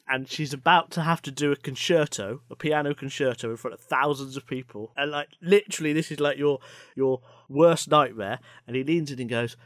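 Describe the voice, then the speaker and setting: A man's voice: medium pitch, moderate pace, a bit bright, dry recording. A jokey, teasing man, hosting a podcast and spinning an anecdote. His voice sits close to the mic in a dry, dead-sounding space. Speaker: podcast host. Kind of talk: casual chat.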